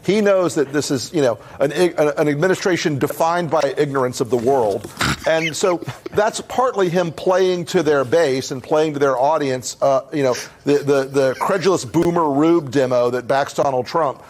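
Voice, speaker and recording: A man's voice: fairly high pitch, normal speed. A man on a TV panel giving scoffing opinions, often repeating himself as he talks.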